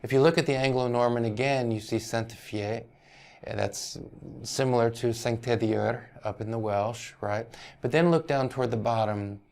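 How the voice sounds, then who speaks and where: Gravelly-voiced male teacher lecturing. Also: medium pitch, steady tone, moderate pace, a little mellow. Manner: explanatory, checks in with frequent "right?"; hesitant over foreign pronunciations. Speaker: university teacher. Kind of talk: classroom lecture on language history.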